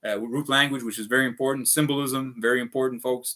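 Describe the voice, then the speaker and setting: A man's voice: medium pitch, steady tone, quick pace, pushed and bright. A man rambling through a casual livestream, swearing often and piling up fillers as he talks. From Canada. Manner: profane, restless, full of fillers.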